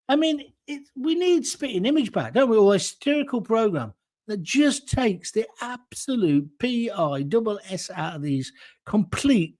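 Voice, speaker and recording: A man's voice: extremely high pitch, darkish tone. Blunt ranting older English man. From England. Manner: blunt, ranting, sarcastic asides. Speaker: host. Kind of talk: opinionated political talk show monologue.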